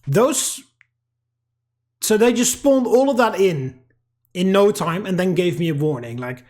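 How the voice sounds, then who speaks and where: A man's voice: sits high, lively intonation, measured pace. A man giving profane, angry let's-play commentary while ranting at a game. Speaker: gaming YouTuber.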